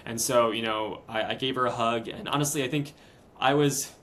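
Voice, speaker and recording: A young man in his twenties, a podcast guest, recounting a hard personal story in a casual, earnest, halting way. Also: mid-range voice, fairly even intonation, a bit bright, slight background noise, rough recording. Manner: earnest, halting, retelling step by step.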